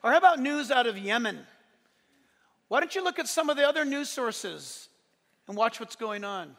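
High-voiced preaching man, bright and emphatic. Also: in a large hall. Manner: emphatic, joking preaching that rises to shouts. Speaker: pastor. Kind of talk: sermon.

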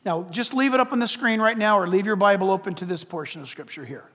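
A man's voice: high voice, fast, fairly bright tone. A man preaching a sermon from the pulpit as pastor, emphatic and full of rhetorical questions. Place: church sanctuary. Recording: long church hall reverb.

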